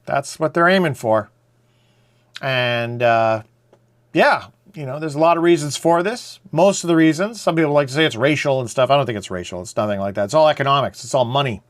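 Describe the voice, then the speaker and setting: A man's voice: mid-range voice, a little fast. A man, hosting a casual, opinionated monologue in a blunt, rambling way. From Canada. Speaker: show host.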